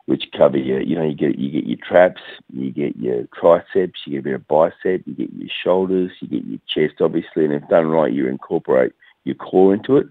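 Australian man on a tinny phone line, very deep voice, laid-back fitness chat. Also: expressive, fairly quick, vocal fry, no room sound. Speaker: fitness guest.

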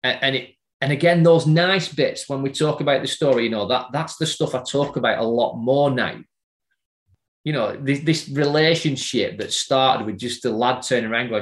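A middle-aged man telling a personal story in casual conversation, halting and repeating words as he remembers. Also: medium pitch, echoey room. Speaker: guest.

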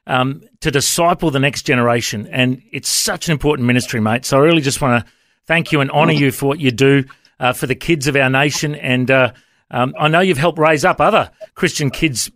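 A man's voice: mid-range voice, normal speed, a bit bright, dry recording, studio quality. A man in his forties with an Australian accent, hosting a casual radio chat in a friendly, affirming way. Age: 40s. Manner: friendly, affirming, with many "mate"s. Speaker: radio host.

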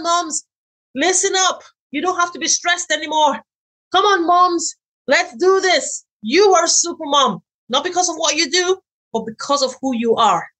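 Husky higher-voiced woman, podcast host, pumped up and preachy, keeps calling out to moms. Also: rough recording. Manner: animated, preachy, exclaiming. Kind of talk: motivational podcast talk.

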